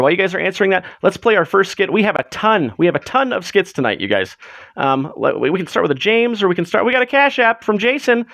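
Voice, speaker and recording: A man's voice: sits high, a bit bright, no room sound. A man hosting a casual livestream on a close desk mic, chatting with viewers in a rambling way full of fillers. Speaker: livestream host.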